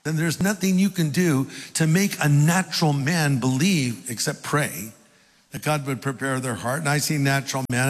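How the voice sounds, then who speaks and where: An older man and pastor preaching a sermon, telling stories with folksy, self-deprecating humor. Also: fairly high pitch. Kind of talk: sermon with storytelling. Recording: long hall reverb.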